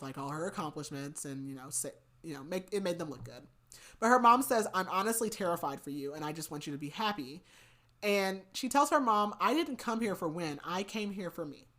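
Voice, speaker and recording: A woman's voice: on the low side, a bit bright. Chatty woman recapping a novel. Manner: chatty retelling with many likes and ums. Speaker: podcast co-host. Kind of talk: casual book recap.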